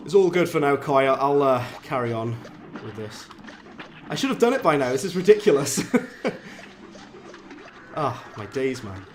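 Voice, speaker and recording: A man from South Wales with a Valleys accent, chatting casually on a live game stream, self-mocking and jumping up in pitch when frustrated. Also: very animated, normal speed, long pauses, a little hiss or hum. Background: game music.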